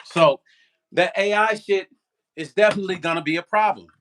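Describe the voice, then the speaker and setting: An older man hosting a vlog, telling a story straight to his viewers in an animated, profane way. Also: high-pitched, brisk. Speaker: vlog host. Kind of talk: casual livestream storytelling.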